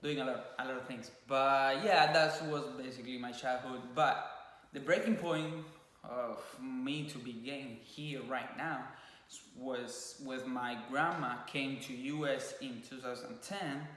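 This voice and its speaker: A Cuban vlogger in his twenties chats casually, telling his story in a relaxed, loose way with a Cuban Spanish accent and slipping into Spanish words. His medium-pitched voice is unhurried, and the room is very echoey.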